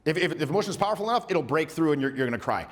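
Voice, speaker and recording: A man in his forties, a social skills coach giving a workshop lecture, talking in an animated, casual way with some swearing as he acts out short exchanges. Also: fairly high pitch, very fast. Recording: long hall reverb.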